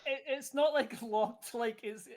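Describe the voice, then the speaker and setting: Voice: medium pitch, a little slow, darkish tone, slight background noise. A game master narrating a tabletop game in a loose, chatty way with many restarts.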